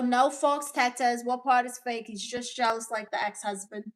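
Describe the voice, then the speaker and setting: A woman hosting a comedic livestream as a sassy aunt, brashly teasing her chat with quick comebacks. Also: fairly high pitch. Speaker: livestream host reading chat.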